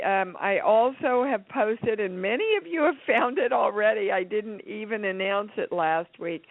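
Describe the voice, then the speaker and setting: A woman's voice: medium pitch, dry recording. A woman hosting a radio talk show, playful and effusive, chatting casually with fillers. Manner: bubbly, effusive, with fillers and giggles. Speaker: radio show host and channeler. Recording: tinny phone-line radio sound.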